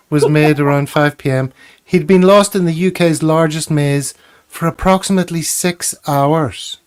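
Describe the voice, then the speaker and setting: A man hosting a casual chat, joking and laughing at his own jokes. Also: fairly high pitch. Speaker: podcast host.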